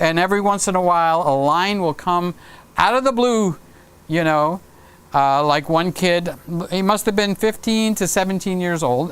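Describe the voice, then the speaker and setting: A man's voice: sits high, a bit bright, clear, resonant tone. A man hosting his own livestream, chatting casually and rambling through anecdotes while laughing at his own stories. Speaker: livestream host.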